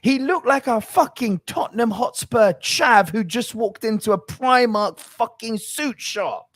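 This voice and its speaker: A man's voice: extremely high pitch, expressive, a little slow, dry recording, studio quality. A young man co-hosting a movie podcast, ranting with plenty of profanity in casual chat. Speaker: podcast co-host.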